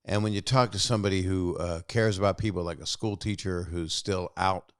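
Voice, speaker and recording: A man in his sixties hosts a call-in show, chatting casually with callers and spinning rambling stories he keeps interrupting himself. His voice sits low and resonant, with a steady, clear tone and a brisk pace. The studio sound is clean, with no room echo.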